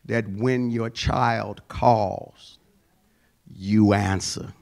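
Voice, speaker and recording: A man's voice: on the low side, steady tone, extremely slow, vocal fry, a little mellow. A male pastor preaching a sermon, telling a personal story and building to emphatic exhortation.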